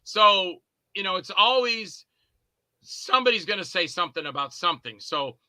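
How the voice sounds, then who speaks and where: A man's voice: high voice, expressive, moderate pace, bright, forceful tone, no room sound, low-quality recording. A man guesting on a podcast, a filmmaker telling rambling anecdotes about his movies and acting out scenes in character voices. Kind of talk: casual anecdotes.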